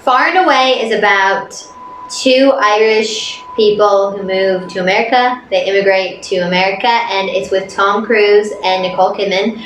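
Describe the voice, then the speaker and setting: A woman's voice: medium pitch, reverberant, slight background noise, poor audio. A young woman co-hosting a reaction video, chatting casually in a giggly way. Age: young adult. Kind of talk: casual chat.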